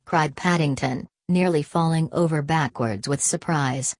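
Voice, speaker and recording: A woman reading a children's storybook aloud in a steady, even storytelling manner. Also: sits low, a little slow, hardly any pauses, no echo. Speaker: reader. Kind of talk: storybook narration.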